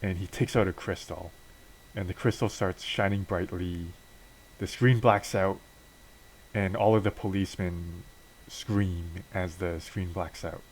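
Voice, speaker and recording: Casual male game narrator, very low voice, loose and offhand. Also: fairly even intonation, measured pace, slight background noise, poor audio. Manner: offhand, filler-heavy retelling. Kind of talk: casual narration of a wrestling sim storyline.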